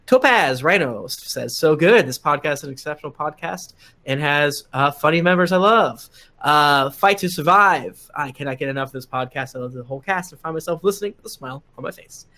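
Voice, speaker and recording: A man with a fairly high voice reads listener reviews aloud on a live-streamed show. He moves through them quickly and casually, with scattered "uh"s and quiet chuckles between entries. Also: expressive. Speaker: podcast cast member reading listener reviews. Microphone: desk mic on a live stream.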